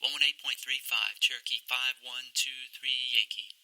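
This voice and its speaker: Brief: a man playing a crisp, clipped radio controller in a put-on British accent, with a sharp, bright tone. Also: medium pitch, steady tone, normal speed, rough recording. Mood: crisp, formal. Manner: clipped, formal radio phraseology. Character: male air traffic controller and pilot trading radio calls.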